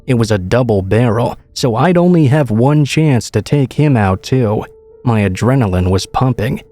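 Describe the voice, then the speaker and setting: A man reading a horror story as scripted narration in a steady, measured way. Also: mid-range voice, soft background music.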